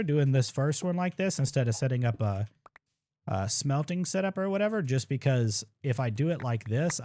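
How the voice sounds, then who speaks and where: A young man chats through his speedrun from his computer at home, giving live gameplay commentary as he thinks out loud in a laid-back manner. His voice rests at a normal middle pitch, and he keeps poking fun at himself with dry asides.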